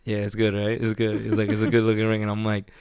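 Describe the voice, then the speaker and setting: Man, casual storyteller, animated, laughing, low voice, dry sound. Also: fast talker, smooth, no room sound. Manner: animated storytelling, acts out quotes, laughs often, swears. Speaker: friend telling a story. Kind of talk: casual chat.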